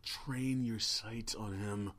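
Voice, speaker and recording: A man with a fairly low voice co-hosting a casual podcast. He hesitates, restarts and swears freely as he gives his opinions. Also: steady tone, slow, fairly bright tone. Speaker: podcast co-host.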